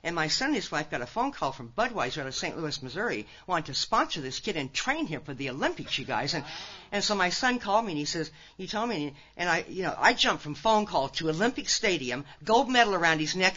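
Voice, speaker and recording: An older woman from Nebraska giving a recovery talk at a conference, folksy and animated, often turning to address the audience directly. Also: lowish voice, brisk, muffled recording, a little hiss or hum. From Nebraska, USA. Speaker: conference speaker.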